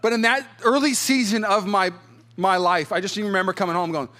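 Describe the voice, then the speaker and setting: A high-pitched male preacher moves at a quick pace through an animated personal tale during his sermon. He chuckles repeatedly and shifts voices to act out what people said.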